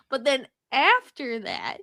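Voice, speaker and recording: A high-pitched woman co-hosts a casual podcast. She retells a plot in a sharp, bright voice, mocking it and laughing often. The sound is close and dry. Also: creaky, no room sound. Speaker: podcast co-host. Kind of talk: casual chat.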